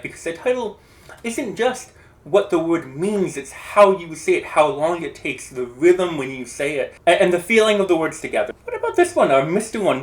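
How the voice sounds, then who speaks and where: A language video creator explaining translation in a casual, think-aloud way, often hedging and restarting. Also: mid-range voice.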